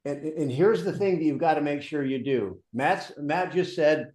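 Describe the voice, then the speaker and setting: Brief: male real estate coach, slightly higher voice, brisk and directive, echoey room. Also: a little mellow. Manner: brisk, directive, interrupts to steer. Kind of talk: coaching a live training session.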